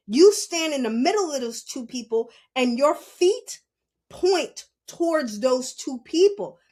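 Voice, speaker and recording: A young woman podcast host telling a story as a blunt, animated rant, swearing and asking "you understand?". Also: high voice. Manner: animated, blunt, swears, asks rhetorical questions.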